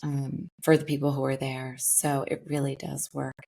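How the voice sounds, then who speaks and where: A woman's voice: a bass voice, flat delivery, moderate pace, gravelly, mellow. A woman hosting an interview podcast, affirming her guest and asking questions. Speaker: podcast host. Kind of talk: interview conversation.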